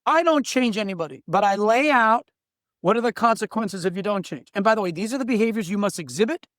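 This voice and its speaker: In a podcast interview, a middle-aged diversity trainer and workplace coach tells blunt, animated anecdotes and plays the characters he quotes. He speaks quickly in a high voice with lively intonation and a slightly bright edge. There's no echo, and the quality is studio grade.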